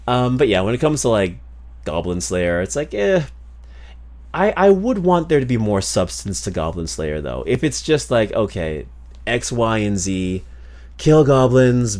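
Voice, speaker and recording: A man with a fairly low, darkish voice streams live, reacting to videos and reading chat. He talks casually with viewers in a playful, rambling way, repeating himself and laughing a lot.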